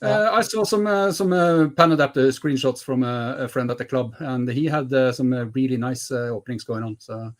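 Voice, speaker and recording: A man co-hosting a casual chat about his week, talking with lots of pauses and fillers. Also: mid-range voice. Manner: hesitant, many fillers. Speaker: co-host. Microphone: headset.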